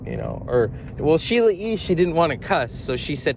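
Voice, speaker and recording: A man hosting a podcast, telling rambling stories in an animated way with frequent laughs. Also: fairly high pitch, normal speed, creaky, hardly any pauses, noisy background. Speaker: podcast host. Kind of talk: casual rambling monologue.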